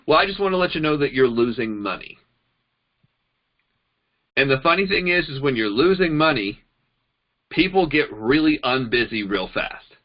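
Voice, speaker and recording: A man's voice: fairly high pitch, a little fast, dull audio. Chatty man acting out his conversations. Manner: chatty, animated storytelling, acts out quoted dialogue. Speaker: network marketing trainer. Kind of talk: casual training talk. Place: indoors, demonstrating on a phone.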